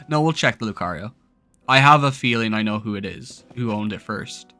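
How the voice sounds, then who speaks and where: Bright-voiced excitable gaming guy. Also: on the low side, normal speed, soft background music. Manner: excitable, emotional, keeps exclaiming. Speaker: gaming YouTuber. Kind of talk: let's-play commentary.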